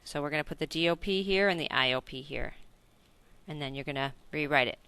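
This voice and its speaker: A woman gives a recorded grammar lesson with a bright, clean voice. She walks through each point patiently, asks if it makes sense, and fixes her own slips as she goes. The sound is close and dry. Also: low-pitched, fairly quick, smooth, no room sound. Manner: explains step by step with frequent self-corrections and check-in questions. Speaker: Spanish teacher.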